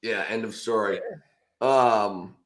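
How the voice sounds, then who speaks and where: A man in his thirties hosting a podcast, telling stories in a casual, animated way and bursting into shouted quotes. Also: fairly low pitch, slow pace. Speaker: podcast host, former football player. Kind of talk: casual storytelling chat.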